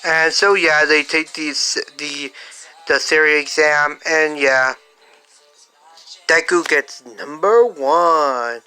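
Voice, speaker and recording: A fan storyteller improvising a story out loud, halting with many fillers and restarts. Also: mid-range voice, clear, resonant tone, faint music behind, poor audio. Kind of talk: improvised fan-fiction narration.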